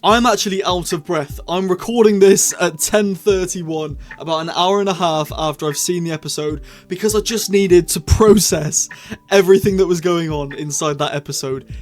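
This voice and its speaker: A man in a casual solo review, his voice sitting a little on the high side. He rambles, backtracks and apologises in passing as he goes. Faint music plays behind him. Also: normal speed, darkish tone. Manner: rambling, self-correcting, apologetic asides. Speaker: YouTube reviewer.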